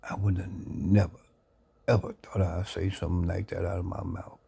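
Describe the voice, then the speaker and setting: A man earnestly sharing his life story into a phone camera, reflective and unhurried. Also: deep voice, little pitch movement, creaky, dark tone, husky. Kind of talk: personal testimony, casual talk.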